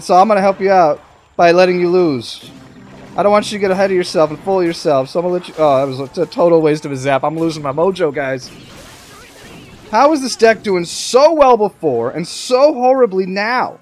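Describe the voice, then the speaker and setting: A man giving excitable live commentary over his own gameplay, talking to the game and to his viewers. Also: high-pitched, a little fast, a little hiss or hum. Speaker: gaming commentator.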